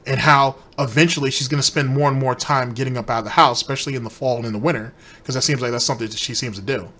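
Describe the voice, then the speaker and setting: A man's voice: mid-range voice, fairly even intonation, rapid-fire, sharp tone. A man hosting a commentary show, delivering a heated, repetitive, accusatory rant aimed straight at one person. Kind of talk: ranting commentary.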